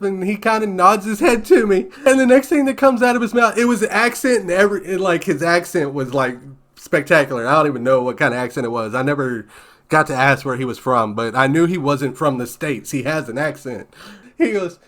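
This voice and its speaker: A young man with a high, light voice chats casually as he reacts to a TV episode. He tells a story with big energy and laughs often. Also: lively intonation, normal speed. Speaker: reaction channel host.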